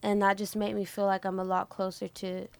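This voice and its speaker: Gravelly-voiced young woman, hesitant. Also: mid-range voice, flat delivery, fairly quick, a little mellow, no echo. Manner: hesitant, thoughtful, many fillers. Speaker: music student. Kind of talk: casual chat.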